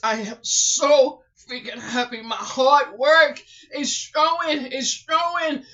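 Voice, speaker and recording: A woman who runs a small online shop is speaking in an emotional vlog at home while crying. She repeats exclamations and swings between sobbing outbursts and hushed murmurs. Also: high-pitched, slow pace. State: tearful, crying. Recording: dull lo-fi recording.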